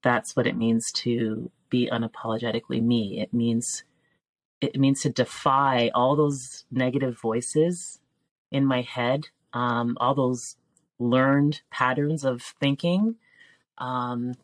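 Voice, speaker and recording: A middle-aged woman, a teacher and filmmaker, talking as a podcast guest in an earnest, emotional way, pausing with frequent ums and restarts. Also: extremely low pitch, steady tone, no room sound. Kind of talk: reflective heartfelt conversation.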